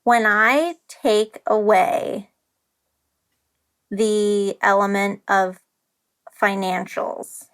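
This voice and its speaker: A woman's voice: mid-range voice, fairly even intonation, drawn-out words, pauses often, a bit bright. Emotional, candid woman opening up. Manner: emotional and open, lots of "like" and restarts. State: nervous, close to tears. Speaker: guest, company founder. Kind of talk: candid podcast conversation.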